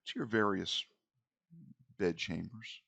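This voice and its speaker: Middle-aged guy running a tabletop game, super deep, gravelly, kinda rambly. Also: slow, no room sound. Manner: relaxed, rambling, wry. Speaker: game master. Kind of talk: tabletop game narration and chat.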